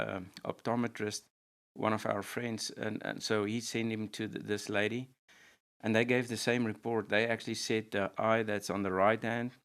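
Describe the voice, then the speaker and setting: A middle-aged man recounting a family testimony in a church interview, in a steady, matter-of-fact way. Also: lowish voice, vocal fry. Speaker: guest sharing a testimony. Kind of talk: storytelling testimony.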